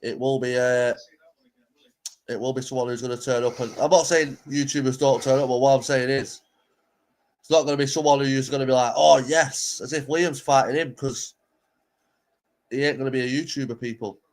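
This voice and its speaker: A man's voice: mid-range voice, steady tone, brisk, pauses often, darkish tone. Male streamer, casual reaction host, blunt and sweary. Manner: blunt, swearing, banter-heavy.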